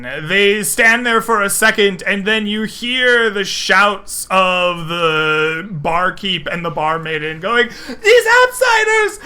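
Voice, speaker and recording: A man running a tabletop game as game master, narrating animatedly with shouted sound effects. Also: high-pitched.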